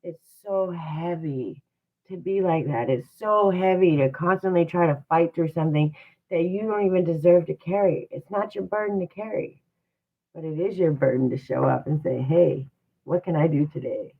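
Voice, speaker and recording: A motivational livestream host talks in an encouraging, repetitive way, circling back to the same rhetorical questions. The voice sits at a mid pitch. The sound is thin and phone-like. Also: moderate pace, gravelly. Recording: tinny phone-like audio.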